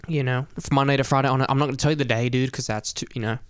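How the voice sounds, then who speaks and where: Young guy, casual vlog monologue, slangy and rambling, medium pitch, dry close sound. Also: fairly even intonation, racing, clear, resonant tone, no room sound. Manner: rambling slangy delivery full of "you know" and "dude". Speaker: vlogger.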